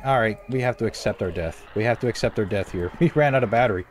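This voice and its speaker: A gameplay commentator does an excitable let's play of a horror game, talking quickly with hardly any pauses over soft background music. He repeats phrases again and again and swings between low mutters and loud outbursts.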